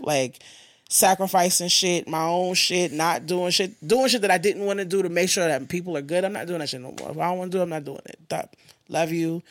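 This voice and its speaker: A woman's voice: lowish voice, no echo, clean studio sound. Blunt, profane woman podcast host. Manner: blunt, profane, animated venting. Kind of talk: casual chat.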